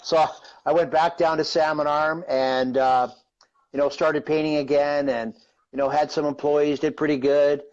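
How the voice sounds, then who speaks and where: The recording is lo-fi, and the voice slightly high and darkish, delivered at a normal speed with a level tone. He's a Canadian man in his fifties, a guest on a live-streamed interview, telling a long, rambling personal story full of "you know" and "right?".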